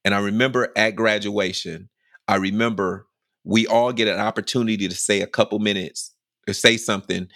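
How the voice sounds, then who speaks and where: A man telling a personal story on a podcast in a casual, animated way, repeating phrases for emphasis and acting out what people said. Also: on the low side, a little fast, gravelly, dry recording, clean studio sound. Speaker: podcast speaker telling his life story.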